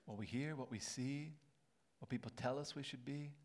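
A man's voice: medium pitch, normal speed, a little mellow. Earnest male pastor preaching. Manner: earnest, building to emphatic peaks. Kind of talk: sermon. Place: church sanctuary.

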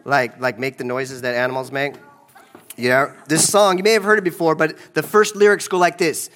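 A man's voice: on the high side, level tone, normal speed, a bit bright, slight background noise. Playful man pastor talking to kids. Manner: playful, addressing kids directly. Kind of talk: children's sermon. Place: large church sanctuary.

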